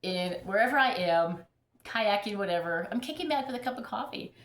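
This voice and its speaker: Chatty rambling woman with a lively voice. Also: mid-range voice, brisk, echoey room. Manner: rambling, chatty, laughs often. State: recovering from illness. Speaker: houseplant vlogger. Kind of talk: casual chat. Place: home full of plants.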